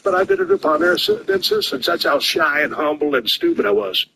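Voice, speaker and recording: A man's voice: very high-pitched, wildly swooping pitch, fairly quick, vocal fry, sharp tone, low-quality recording. A man answering interview questions in a self-mocking, casual way. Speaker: interview guest.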